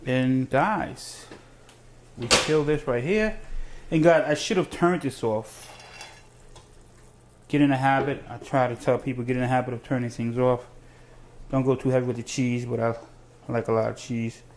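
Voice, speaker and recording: A man hosting a casual home cooking show, talking fast and rambling with lots of restarts. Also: mid-range voice, steady tone, a little hiss or hum. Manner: fast, rambling, self-correcting.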